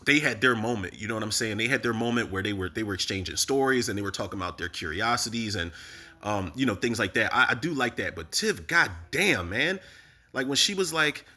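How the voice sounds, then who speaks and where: A man casually recapping a TV episode, animated and profane, talking straight to his viewers. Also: on the low side, a little fast. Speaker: TV recap host.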